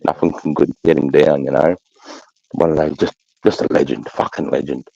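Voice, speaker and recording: A man tells crude, rambling stories in a casual chat and swears constantly. His voice is very low, dark and gravelly. The recording is muffled and dry. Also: steady tone, normal speed, dry recording. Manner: crude, swearing, rambling anecdotes with frequent laughter.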